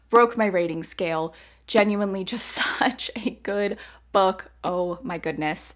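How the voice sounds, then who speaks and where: A young woman vlogging about books, gushing and effusive, repeating words for emphasis. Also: lowish voice. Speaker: book vlogger. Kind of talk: casual reading vlog chat.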